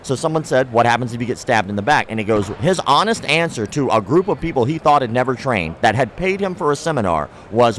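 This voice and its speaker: This young man, a guest on a show who makes martial arts content, talks quickly in a mid-range voice with hardly any pauses, telling stories in a casual interview at an outdoor trade show. He acts out quoted people and swears freely, with slight background noise.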